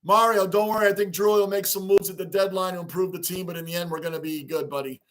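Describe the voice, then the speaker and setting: Talking quickly but in a steady tone, this livestream host has a bright, high-pitched voice. He speaks straight to his chat during a casual fan stream, growing heated and emotional over his team while keeping things friendly with regular viewers.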